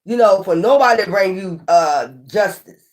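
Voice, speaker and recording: Animated woman doing a tarot reading. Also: medium pitch, moderate pace. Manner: animated, scolding, repeats phrases. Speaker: tarot reader.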